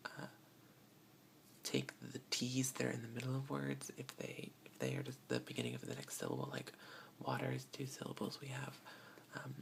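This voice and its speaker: An ASMR creator, speaking in a soft whisper with small laughs. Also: mid-range voice, moderate pace, gravelly, pauses often, slight background noise.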